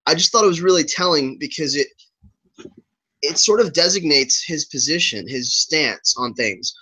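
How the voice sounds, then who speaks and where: A man's voice: on the high side, lively intonation, moderate pace, sharp tone, breathy edge, rough recording. A man on a podcast talking casually, animatedly retelling an online argument and quoting both sides. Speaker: podcast guest. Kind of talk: casual conversation.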